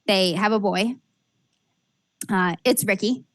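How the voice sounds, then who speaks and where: A woman's voice: mid-range voice, slow, no room sound. A woman narrating a tabletop role-playing game as game master, describing scenes with frequent fillers and restarts.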